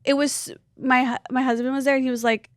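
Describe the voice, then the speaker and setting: A woman in her thirties tells a personal story as a podcast guest. Her voice sits high and sounds dry and close. She rambles earnestly and fills her talk with "like". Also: level tone, fast, no echo. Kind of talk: casual chat, personal storytelling.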